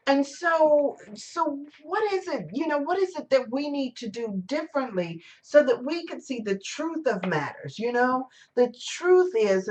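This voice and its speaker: A woman giving a relaxed, conversational sermon to her congregation. She rambles and circles back on herself, stacking fillers and restarts as she goes. The talk is captured live during a church service. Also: on the high side. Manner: rambling, chatty storytelling with many fillers and restarts. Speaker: church speaker.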